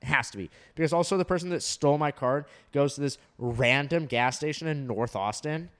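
A man's voice: fairly high pitch, brisk. A young man telling a story in casual chat, swearing often and full of fillers. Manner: animated storytelling, heavy swearing, many fillers.

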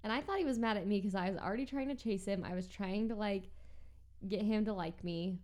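A woman's voice: mid-range voice, a little fast, darkish tone. Chatty woman acting out her stories. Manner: chatty storyteller, acts out quotes. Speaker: podcast co-host. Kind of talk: casual chat.

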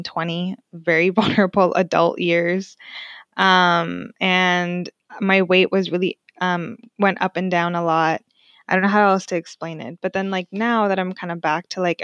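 A woman's voice: on the low side, no room sound. A woman in her twenties hosting a casual solo podcast, talking candidly and animatedly, swearing freely and saying "like" a lot. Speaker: podcast host. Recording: dull lo-fi sound.

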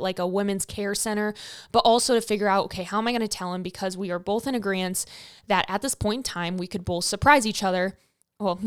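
Young woman podcast host, candid profane storyteller, smooth clear voice, dry close sound. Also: mid-range voice, no room sound. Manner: frank and profane, animated retelling with acted quotes.

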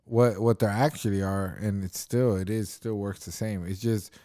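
Jokey, skeptical podcast co-host man with a low voice on a dry mic. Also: fairly even intonation, moderate pace, dark tone, no room sound. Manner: skeptical, jokey, laughs often. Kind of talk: casual chat.

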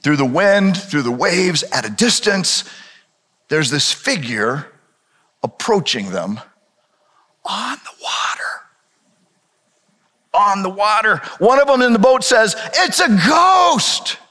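A man's voice: high-pitched, big pitch swings, measured pace, sharp tone. A male pastor preaching a sermon with dramatic storytelling and rhetorical questions. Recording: reverberant hall.

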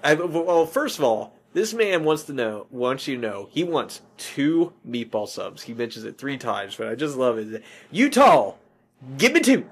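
A man's voice: medium pitch, animated, normal speed, few pauses, slightly rough. A man hosting a movie podcast in casual chat, rambling and often correcting himself. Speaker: podcast host.

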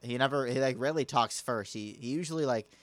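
Young man, mid pitch, laid-back, casual podcast co-host, dry sound. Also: fast talker, no echo.

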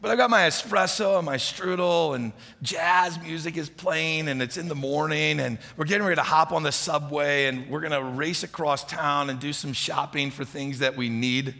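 A man's voice: on the high side, moderate pace, vocal fry, few pauses, pushed and bright. A man preaching a sermon, telling a personal story in a conversational way and asking the listeners questions. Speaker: pastor. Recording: long hall reverb.

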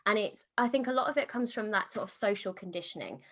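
A woman hosting a podcast, upbeat and chatty, talking quickly and enthusiastically in a casual conversation. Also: medium pitch. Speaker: podcast host. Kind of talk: casual chat.

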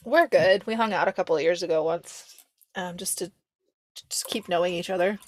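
A young woman co-hosting a podcast, chatting casually with lots of fillers and quick asides. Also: on the low side. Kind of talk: casual chat.

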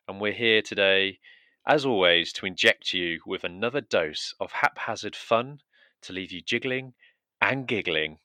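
A man co-hosting a comedy podcast in a brisk, mock-indignant way. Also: deep voice, bright, forceful tone, no echo. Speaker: podcast co-host.

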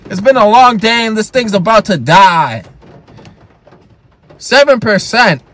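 A man's voice: sits high, lively intonation, measured pace. A man hosting a solo comedy podcast, reading posts aloud and ranting at them with heavy profanity, sounding tired. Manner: profane ranting and yelling at the stories. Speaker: podcast host.

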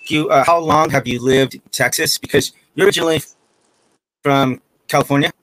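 A man's voice: a little high, steady tone, brisk, fairly bright tone, low-quality recording. A man hosting a casual conversation, chatty and joking, who often stumbles over his words. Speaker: host.

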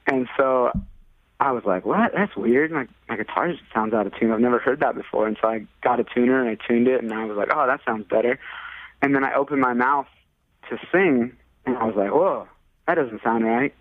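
Male podcast guest from California, loose storyteller who acts out quotes, average pitch, dry tinny line. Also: a little fast, no echo. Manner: rambling, many fillers, acts out quoted people in a raised voice. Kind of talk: casual storytelling.

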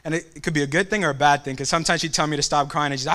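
Bright-voiced young man telling a story. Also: a little high, rapid-fire. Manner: animated storyteller who acts out family quotes. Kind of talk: devotional talk with a personal story.

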